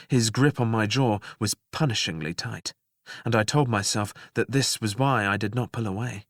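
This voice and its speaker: A man reading a story aloud as a first-person narrator in a slow, restrained, scripted way. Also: on the low side, gravelly, no room sound, clean studio sound. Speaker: audiobook narrator.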